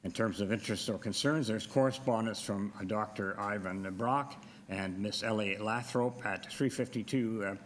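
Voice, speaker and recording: Low-voiced man chairing a hearing. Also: a little hiss or hum. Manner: formal, procedural. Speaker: committee chair. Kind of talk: formal public hearing. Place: council hearing room.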